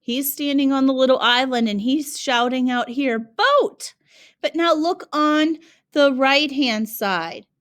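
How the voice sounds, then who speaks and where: A woman teacher giving a lesson, speaking clearly and patiently and asking her students questions. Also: sits high, unhurried. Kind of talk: classroom lesson narration.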